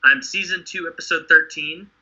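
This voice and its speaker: Bright, high-voiced man in casual chat. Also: normal speed, lo-fi sound. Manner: profane, animated, mocking. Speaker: podcast co-host.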